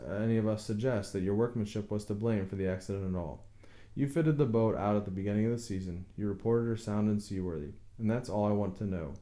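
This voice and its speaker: A man's voice: fairly low pitch, dark tone, close to an everyday voice. A man reading an audiobook, voicing a coroner who speaks in a patient, formal, reassuring manner. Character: measured official middle-aged male coroner.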